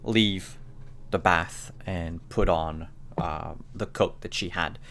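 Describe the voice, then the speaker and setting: A man's voice: deep voice, fairly even intonation, slow, vocal fry, fairly bright tone, slight background noise. A man acting as game master, explaining rules and narrating a tabletop game.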